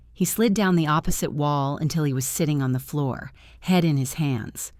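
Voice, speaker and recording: A woman reading a dramatic romance story as narrator, in an even storytelling manner. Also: deep voice, moderate pace, hardly any pauses, no room sound, clean studio sound.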